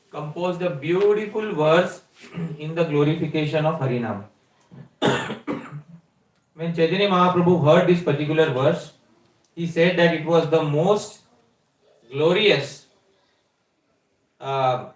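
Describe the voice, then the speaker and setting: A man giving a scripture lecture, explaining a verse step by step and putting questions to his listeners. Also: on the high side. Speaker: spiritual teacher. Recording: echoey room, mic at a distance.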